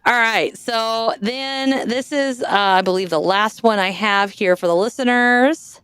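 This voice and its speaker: Woman podcast host, chatty and self-mocking, smooth voice, dry close mic. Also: a little high, unhurried, a bit bright, no room sound. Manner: chatty, jokey, self-deprecating, trails off and restarts. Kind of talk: casual chat, reading listener stories aloud.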